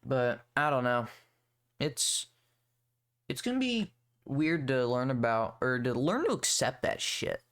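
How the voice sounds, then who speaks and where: A man's voice: medium pitch, very animated, measured pace, fairly bright tone. A young man hosting a solo podcast, rambling and swearing in a sarcastic, casual rant. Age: young adult. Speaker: podcast host.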